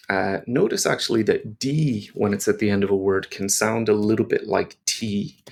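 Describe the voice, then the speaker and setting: A man's voice: on the low side, normal speed, gravelly, few pauses. A man teaching pronunciation to learners, patiently explaining and modelling each sound. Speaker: language teacher.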